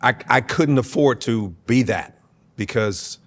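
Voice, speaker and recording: A man's voice: medium pitch, a little slow. A man who grew up in Germany with German as his first language, telling emphatic stories as a guest in a casual interview and laughing often.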